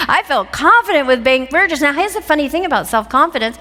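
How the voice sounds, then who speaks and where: A woman speaker telling an animated story to a live seminar audience, laughing through it. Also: high-pitched, fast, hardly any pauses. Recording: long hall reverb.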